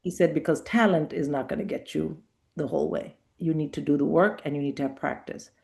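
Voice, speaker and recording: Low-voiced middle-aged woman telling stories. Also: brisk, creaky. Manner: animated anecdotes, acting out quoted voices. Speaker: comedian guest. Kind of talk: casual interview storytelling.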